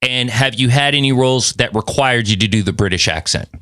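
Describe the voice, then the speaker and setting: A man's voice: medium pitch, a little fast, pushed and bright, no room sound. A man hosting a podcast, laid-back and slangy in casual chat. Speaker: podcast host.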